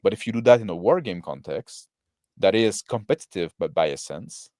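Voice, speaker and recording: A man's voice: lowish voice, lively intonation, moderate pace, darkish tone, dry recording. Rambling man commenting, dry sound. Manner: rambling, many fillers and tag questions. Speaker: co-host reacting to a video. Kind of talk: casual commentary.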